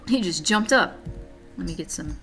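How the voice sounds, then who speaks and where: A woman's voice: on the low side, animated, moderate pace, a bit bright, soft background music. A woman streamer giving casual, chatty gameplay commentary, thinking aloud and joking at her own expense. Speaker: game streamer.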